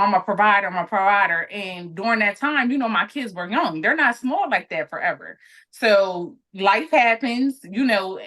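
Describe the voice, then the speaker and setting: A woman in her late thirties, a podcast guest, talking candidly and reflectively in relaxed conversation. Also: mid-range voice. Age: 30s.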